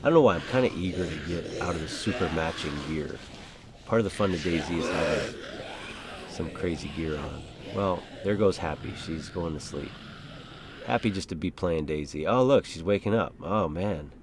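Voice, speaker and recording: A man's voice: low voice, moderate pace. A man hosting a gaming channel, chatting casually over gameplay in a rambling, easygoing way with chuckles. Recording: clearly audible game noise behind voice.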